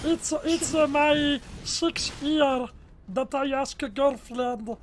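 An Italian man putting on a strange high voice in game chat, speaking slow, broken English and repeating his words. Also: a little hiss or hum. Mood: pleading. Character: man with strange squeaky high voice, pleading and earnest. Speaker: gaming YouTuber. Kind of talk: prank voice in online game chat.

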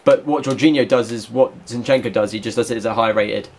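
A man giving gameplay commentary as a gaming YouTuber, excitable and shouting at the game. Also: mid-range voice, brisk, slight background noise.

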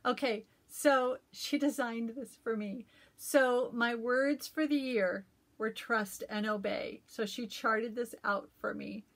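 A middle-aged cross-stitch vlogger chats casually at home in a messy room, showing off stitched gifts in an effusive show-and-tell full of fillers, turning the camera around as she talks. Her voice is on the high side, fairly bright, steady, and unhurried.

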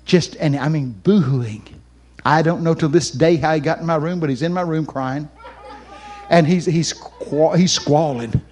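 A man preaching at a camp meeting with a fairly high voice. He tells his story with great animation, sometimes breaking into shouts and laughter. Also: moderate pace. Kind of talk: storytelling sermon.

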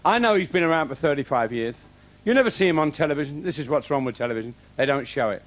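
A man's voice: fairly high pitch, expressive, fast talker. An older man compering a comedy show, boastfully building up the next act in a showbiz manner. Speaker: television compere. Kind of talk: show introduction.

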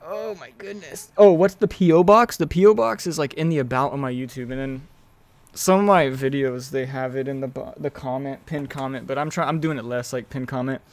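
A young man streaming a video game, chatting casually with viewers, excitable and swearing freely, yelling when the action heats up. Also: medium pitch, fairly quick. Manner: excitable, swears freely, yells during fights. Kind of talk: casual live-stream chat and gameplay commentary.

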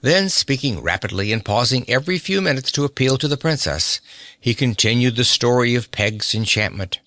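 A man's voice: lively intonation, normal speed, pushed and bright, no room sound, studio quality. A man reading a children's fantasy novel aloud, lifting his voice for the characters' lines. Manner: raises pitch for quoted characters. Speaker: audiobook narrator. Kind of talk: storybook narration with character voices.

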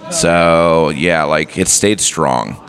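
Deep-voiced laid-back male comedian. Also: very slow, a bit bright. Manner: laid-back, riffing, frequent "like" fillers. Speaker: comedian guest. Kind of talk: casual podcast chat.

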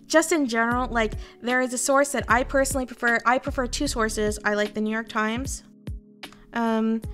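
Candid Canadian woman with a high voice. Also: a bit bright. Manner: candid, rambling, swears freely. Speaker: VTuber streamer. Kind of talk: casual commentary to viewers.

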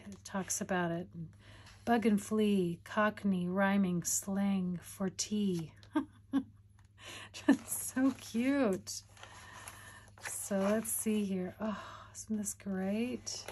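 A woman's voice: mid-range voice, a little mellow, slight background noise. A woman chatting casually in a crafting vlog, rambling and giggly while she shows off her finds. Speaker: crafting vlogger. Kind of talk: casual show-and-tell chat.

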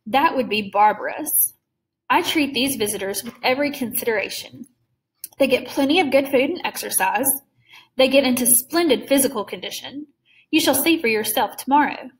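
A woman voicing a suave, cruel older male aristocrat hunter in a storybook reading, smooth, genteel and mocking. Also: high-pitched, expressive, moderate pace, a bit bright, low-quality recording.

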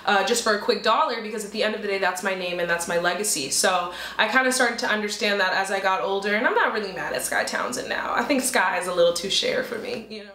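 A woman's voice: mid-range voice, fast, few pauses. A young woman, a singer and comedian, talking candidly about her name in an interview, acting out the people she quotes. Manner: animated, acts out quoted people. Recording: roomy echo.

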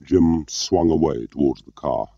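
A man reading an audiobook as narrator in a measured, steady way, in a slightly muffled, dry recording. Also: very deep voice, no room sound. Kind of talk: scripted narration.

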